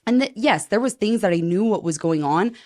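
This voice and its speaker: A woman podcast host telling a story in casual interview chat, animated, acting out quoted dialogue and swearing now and then. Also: medium pitch, brisk.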